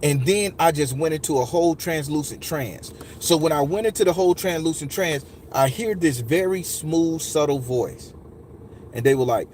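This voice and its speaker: A man recounts a painful memory in raw, profane, casual speech, his voice sitting a little higher than most men's. He acts out other people's lines as he goes, and a faint hum of ambience and passing vehicles sits behind him. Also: normal speed. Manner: emotional, profane, animated retelling with acted quotes. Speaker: storyteller recounting a personal memory. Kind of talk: casual spoken testimony.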